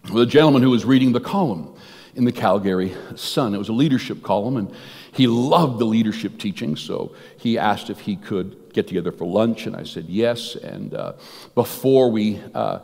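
Pastor guy telling a story from the pulpit, mid-pitched voice, long hall echo. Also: gravelly, darkish tone. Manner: conversational storytelling, drawn-out words, repeats "I said" and "she goes". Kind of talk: storytelling sermon. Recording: long reverb of a large hall.

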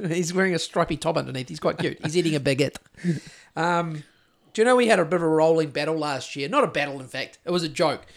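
A New Zealand man with a notably high voice, chatting on a podcast mic. He rambles from tangent to tangent, swears freely and keeps things jokey. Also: fast talker. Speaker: podcast host. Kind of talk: casual chat.

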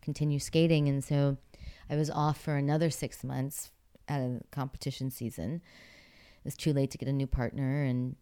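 Woman with a really low smooth voice, chatty interview guest, laughs a lot and says um plenty. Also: flat delivery, normal speed, warm tone. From Pittsburgh, USA. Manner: chatty, laughs often, many fillers. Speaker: interview guest, actress and former figure skater. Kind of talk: casual interview storytelling.

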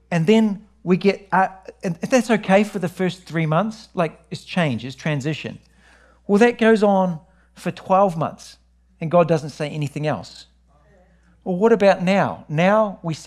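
A middle-aged New man preaching, his voice sitting a little high for a man. He tells his story with lively animation and keeps returning to his message. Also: unhurried. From New Zealand. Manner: animated storytelling, rising high when excited. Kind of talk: sermon with personal testimony.

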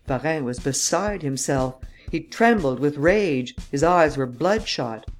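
A woman narrating an audiobook in a steady, measured way. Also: low voice, soft background music.

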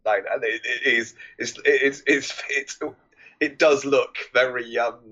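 A man in a casual chat, halting and loose, with casual swearing. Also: mid-range voice, steady tone, sharp tone. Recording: muffled lo-fi mic.

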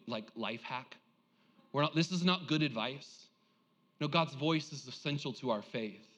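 A male pastor preaching a lively sermon, joking and calling on the congregation to respond. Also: medium pitch, big-room sound, highs cut off.

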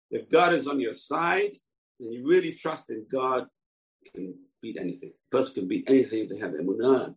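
A man's voice: medium pitch, creaky, poor audio. A man giving an informal bible lesson, telling the story conversationally with asides. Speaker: bible teacher.

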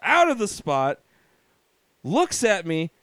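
A man, co-hosting a podcast, telling profane stories in an animated way with laughter. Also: high voice, takes it slowly, clean tone, no echo. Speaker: podcast co-host. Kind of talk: casual chat, storytelling.

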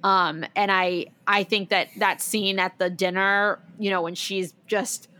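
A woman co-hosting a podcast in casual chat, talking in an animated, enthusiastic way. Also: mid-range voice, a little slow. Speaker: podcast co-host.

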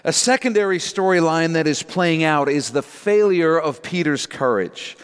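A man's voice: fairly high pitch, lively intonation, normal speed, clean tone. A male pastor preaching a sermon, retelling scripture in an earnest, dramatic storytelling manner. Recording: long hall reverb.

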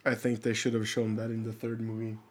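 A man's voice: on the low side, completely flat delivery, a little fast, darkish tone. A man chatting casually and enthusiastically, rambling a little as he talks. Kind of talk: casual chat.

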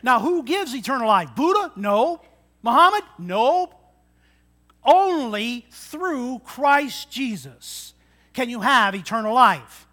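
A man in his sixties delivers a sermon with a lively preaching style. His voice sits high and sounds bright and forceful, rising on emphatic lines and dropping low for asides. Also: slow. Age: 60s. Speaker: pastor.

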